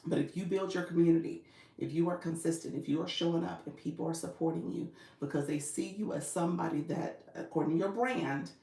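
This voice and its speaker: A woman's voice: lowish voice, brisk, warm tone. A woman coaching viewers on a live stream, chatting casually, laughing often and reading their comments aloud. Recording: echoey room.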